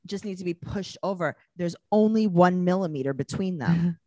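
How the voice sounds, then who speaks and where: A woman's voice: lowish voice, normal speed, dark tone, dry recording. A woman co-hosting a podcast, chatting in a playful, teasing way. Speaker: podcast co-host. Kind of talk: casual podcast chat.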